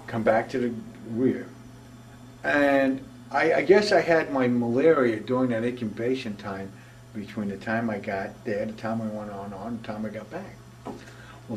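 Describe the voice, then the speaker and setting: A man's voice: medium pitch, slight background noise. An older man, a military veteran, telling his war memories in a rambling conversational way with many restarts. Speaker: veteran interviewee. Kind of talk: oral history storytelling. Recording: voice from a distance from the mic.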